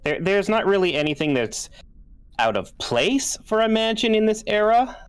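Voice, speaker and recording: A man narrating a tabletop horror game as game master in a relaxed, conversational way with frequent fillers. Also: sits high, normal speed.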